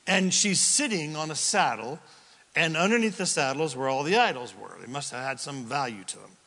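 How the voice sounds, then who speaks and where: A male pastor giving a sermon, telling a story with animated delivery and questions to the congregation. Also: on the high side, brisk, in a large hall. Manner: animated storytelling, acts out quotes, asks the crowd questions.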